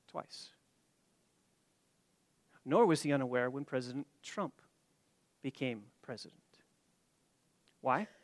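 A man's voice: a little high, dry recording. Emphatic preacher man, dry close sound. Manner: emphatic, rising to loud stresses then dropping quiet. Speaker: pastor. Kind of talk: expository sermon.

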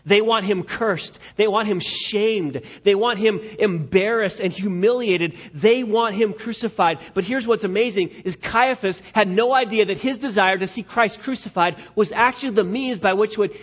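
A man preaching a sermon, emphatic and direct with his listeners, swinging from loud declarations to hushed asides, on a dull lo-fi recording. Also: high-pitched, normal speed, hardly any pauses, breathy edge. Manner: addresses the congregation directly, urging them to stay with him. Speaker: pastor.

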